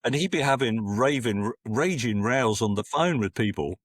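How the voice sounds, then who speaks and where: A man's voice: medium pitch, lively intonation, normal speed, dry recording, studio quality. A man in his sixties from Scotland, a podcast guest telling rambling anecdotes full of restarts. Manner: rambling, with frequent restarts and acted-out quotes. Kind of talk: casual anecdotal storytelling.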